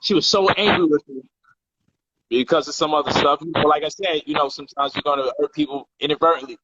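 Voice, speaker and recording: Bright, animated man telling a story. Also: a little high, fast talker, muffled recording, a little hiss or hum. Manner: animated, profane, acts out heated quotes loudly. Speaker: guest telling a personal story. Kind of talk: casual storytelling on a livestream. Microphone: phone or livestream mic.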